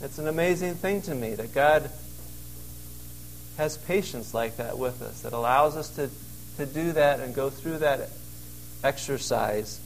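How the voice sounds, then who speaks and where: A man's voice: medium pitch, a little slow, long pauses, a little hiss or hum, rough recording. A man preaching a sermon in an earnest, conversational way, recorded out in a wilderness cave. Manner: earnest, conversational preaching with emphatic quoted lines. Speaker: pastor.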